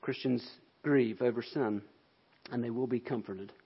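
A man's voice: medium pitch, a little slow, slightly rough, dull audio. A man pastor delivering a sermon in an earnest, explanatory way.

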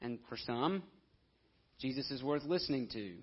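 A man's voice: medium pitch, animated, moderate pace. A man preaching a conversational sermon, now and then acting out the voices of the people in his story. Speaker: pastor. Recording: dull lo-fi audio.

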